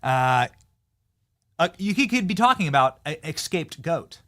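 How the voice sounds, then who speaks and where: A man from Iowa hosting a political talk show, reading an ad and joking with a guest in an animated way. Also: fairly high pitch, unhurried. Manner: animated, jokey, trailing restarts. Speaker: host. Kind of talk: podcast ad read and interview.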